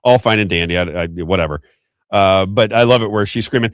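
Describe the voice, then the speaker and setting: A man's voice: fairly low pitch, clean tone, no room sound, studio quality. An American man hosting a political talk show, giving emphatic, unscripted commentary and repeating his points. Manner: fast, emphatic, repeats himself.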